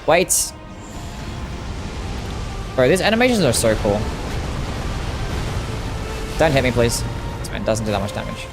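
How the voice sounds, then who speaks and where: Aussie male streamer, casual banter, mid-pitched, game music underneath. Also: big pitch swings, measured pace, pauses often. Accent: Australian. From Australia. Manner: casual, joking, chats with viewers. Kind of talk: live gameplay stream commentary.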